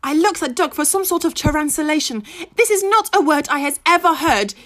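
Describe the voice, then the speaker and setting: A woman's voice: high-pitched, lively intonation, moderate pace, fairly bright tone. A woman narrating a children's story expressively in the first person, using childlike grammar. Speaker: audiobook narrator.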